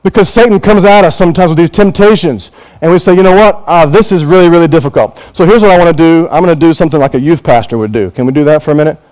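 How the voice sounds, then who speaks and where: Man, middle-aged, pastor, sermon, slightly high voice, animated, acts out voices. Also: fast, hardly any pauses, low-quality recording. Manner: animated preaching, voices quoted figures, lively rises in pitch. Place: church in Hong Kong.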